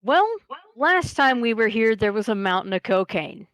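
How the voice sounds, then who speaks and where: A woman's voice: a little high, expressive, moderate pace, fairly bright tone, clear, resonant tone, no room sound. Female player, casual and easygoing, dry close recording. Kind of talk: tabletop role-play.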